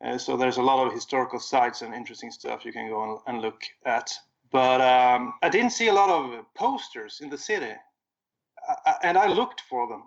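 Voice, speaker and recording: Gravelly man on a dull lo-fi line. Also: mid-range voice, normal speed. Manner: easygoing storytelling, frequent uh fillers. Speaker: podcast regular. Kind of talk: casual chat. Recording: dull lo-fi remote audio.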